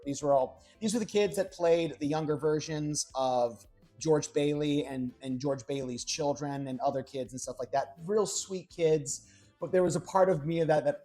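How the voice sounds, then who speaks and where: A young man with a medium-pitched, dark-toned voice chats casually on a live stream as he cooks. He rambles through stories and talks to his chat, answering their messages. Faint music plays in the background.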